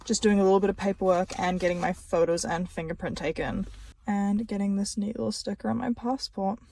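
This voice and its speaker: A young adult woman talking casually in a vlog diary, chatty and excitable, with the odd casual swear. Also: mid-range voice, a little fast, gravelly, a little hiss or hum. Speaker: vlogger.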